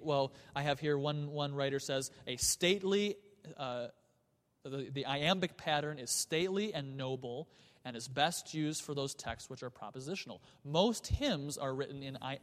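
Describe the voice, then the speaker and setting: A man's voice: on the high side, expressive, moderate pace, long reverb tail. A man teaching a class on church music, earnest, often repeating himself and chanting rhythms aloud. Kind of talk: classroom lecture.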